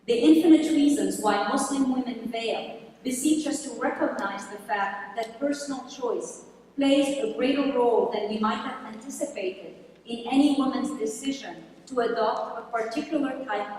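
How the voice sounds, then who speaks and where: A woman giving an academic lecture, reading from a prepared text in a measured way, recorded from a distance in a large hall. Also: fairly high pitch, a little mellow. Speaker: university lecturer. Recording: echoey hall, distant mic, faint noise.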